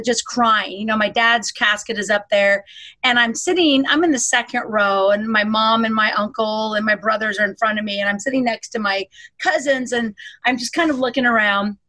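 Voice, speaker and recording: A middle-aged woman with a bright, forward voice pitched a little high tells a story in casual conversation. She talks in an animated way and sometimes bursts into loud mock scolding.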